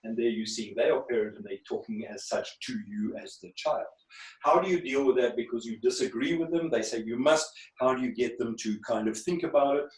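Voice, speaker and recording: Speaking briskly in a mid-range, slightly mellow voice, this man runs an online communication skills class. The video call audio comes from an echoey room, and he frequently poses rhetorical questions to keep his listeners engaged.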